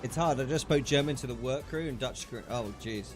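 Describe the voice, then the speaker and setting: Male streamer, casual gaming chat, laughs a lot, average pitch, light music bed. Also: a little fast. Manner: chatty, excitable, laughs often, trailing restarts. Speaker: livestreamer.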